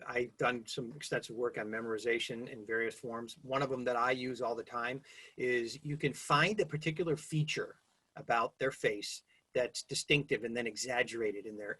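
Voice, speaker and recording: A man with a husky, slightly breathy voice talks quick and animated on a video call. He sits at a middle pitch and is chatty, sharing speaking tips. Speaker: public speaking coach. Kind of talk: webinar advice talk.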